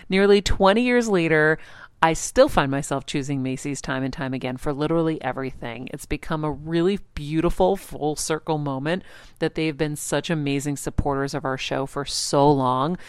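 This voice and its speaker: A woman in her forties hosts a podcast in an easy, chatty way, telling stories with lots of animation. Her voice sits low, and the recording is dry and close with no room sound. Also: clear, resonant tone, no room sound. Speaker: podcast host. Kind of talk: casual chat.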